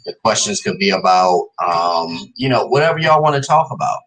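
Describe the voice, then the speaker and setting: A man's voice: lowish voice, very animated, normal speed, a bit bright, rough recording. A man hosting a casual livestream, chatting loosely with viewers and calling them "y'all". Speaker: host of a live stream show.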